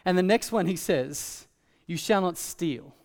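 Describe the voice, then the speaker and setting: Male pastor, casual lively preaching; high-pitched, reverberant church hall. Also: a little slow. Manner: conversational, animated preaching with asides. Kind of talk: sermon.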